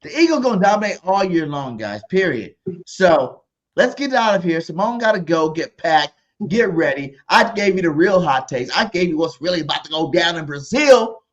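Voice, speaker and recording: A man co-hosting a sports podcast in a loud, animated voice, repeating his hot takes with hype. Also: a little high, normal speed, muffled recording. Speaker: podcast co-host. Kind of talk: hyped sports podcast chat.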